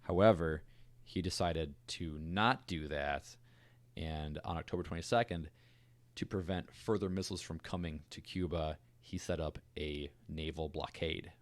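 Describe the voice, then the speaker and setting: Man, very low voice, podcast host, casual storytelling, loose and chatty, dry close mic. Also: unhurried, dry recording. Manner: relaxed and conversational, with fillers and asides.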